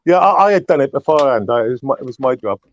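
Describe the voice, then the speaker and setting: A man's voice: medium pitch, animated, rapid-fire, dry recording, muffled recording. A man from Wales hosting a livestream call, blunt and sarcastic, stammering when riled. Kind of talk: heated casual argument.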